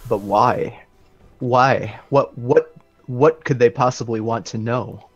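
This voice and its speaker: A man's voice: medium pitch, slow, slightly rough, soft background music. A man playing a weary enslaved Wookiee prisoner who pleads in disbelief. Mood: pleading.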